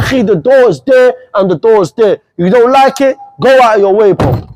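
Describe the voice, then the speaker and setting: A man's voice: sits high, lively intonation, brisk, a little mellow, poor audio. A young man giving a blunt, fiery religious talk to young people, full of street slang. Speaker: guest speaker. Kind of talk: impassioned religious youth talk.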